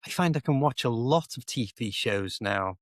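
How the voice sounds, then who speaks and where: Casual co-host: Liverpool man, mid-pitched, talkative, close and dry. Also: animated, normal speed, no echo. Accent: Liverpool English. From England. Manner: chatty, explains idioms with rambling examples. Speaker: co-host, English teacher. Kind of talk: casual chat. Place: indoor home office.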